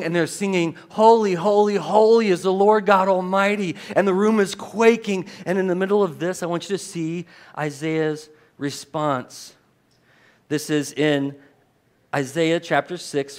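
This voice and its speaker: High-voiced man preaching a sermon. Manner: emphatic, animated preaching with rhetorical questions. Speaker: pastor.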